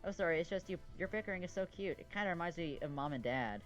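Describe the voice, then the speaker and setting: A man putting on a bubbly young schoolgirl, eager and gushing. The pitch is well above his own, over faint music. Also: expressive, quick pace, a bit bright, muffled recording. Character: giggly, adoring young schoolgirl.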